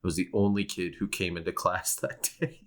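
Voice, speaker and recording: A young man with a very deep voice, co-hosting a casual podcast. He rambles, restarts his sentences and laughs often as he chats. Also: little pitch movement, a little fast, fairly bright tone. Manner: rambling, self-interrupting, with frequent restarts and laughs. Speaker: podcast co-host. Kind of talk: casual chat.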